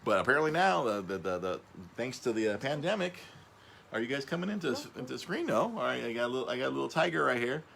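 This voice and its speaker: A man hosting a casual podcast, rambling, stumbling over and repeating his words, his voice jumping up when he gets excited. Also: medium pitch, quick pace, creaky, slight background noise. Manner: excitable, voice jumps up on emphasis. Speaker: podcast host.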